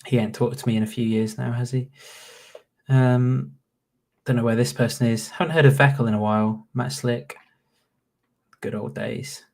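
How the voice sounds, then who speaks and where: Northern english youtuber, late 20s, sweary rambling, gravelly. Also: male voice, mid-range voice, fairly even intonation, moderate pace, a little mellow. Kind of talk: casual reaction commentary.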